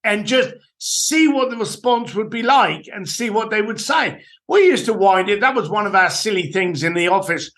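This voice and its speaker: A man, a guest on a podcast, giving blunt, animated business advice with casual swearing. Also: high voice, moderate pace, hardly any pauses. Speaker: guest, entrepreneur and author. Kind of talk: podcast interview, storytelling advice.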